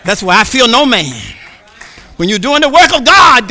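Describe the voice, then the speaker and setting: A male preacher with a high, sharp, piercing tone. He swings from low murmurs up to shouts, repeating words as he builds momentum in his sermon. His pitch leaps all over the place. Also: big pitch swings, moderate pace.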